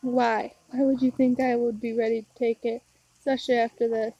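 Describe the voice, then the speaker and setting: Young woman reading a story game out loud, kinda high voice, really into it, dry close mic. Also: flat delivery, brisk, no room sound, dull audio, faint music behind. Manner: earnest, emotional storytelling. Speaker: game player reading aloud. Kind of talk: reading a visual novel aloud.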